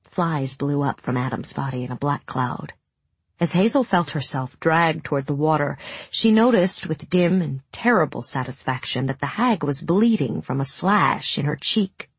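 A woman reading a story aloud in measured, dramatic audiobook narration. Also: deep voice, lively intonation, breathy edge, no room sound.

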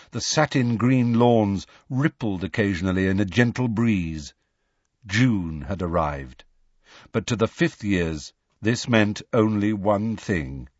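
Husky, expressive male storyteller. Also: lowish voice, dry recording, muffled recording. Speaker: audiobook narrator. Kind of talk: scripted narration.

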